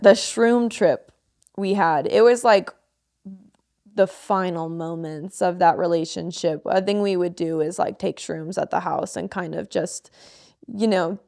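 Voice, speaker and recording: A woman in her twenties co-hosting a podcast tells a personal story frankly and emotionally, swearing a lot in candid conversation. Her voice is on the low side and creaky, and she takes it slowly.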